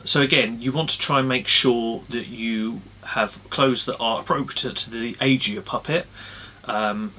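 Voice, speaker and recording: Low-voiced man, casual tutorial host, friendly, um-heavy. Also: a little hiss or hum. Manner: relaxed, friendly, lots of ums. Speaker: puppeteer giving tips. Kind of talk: casual instructional talk. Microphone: camera-mounted mic.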